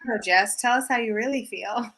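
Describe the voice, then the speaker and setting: A woman's voice: fairly high pitch, brisk, a bit bright, breathy edge. A woman co-hosting a casual recap chat, talking in a sarcastic, exasperated and teasing way. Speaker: podcast co-host.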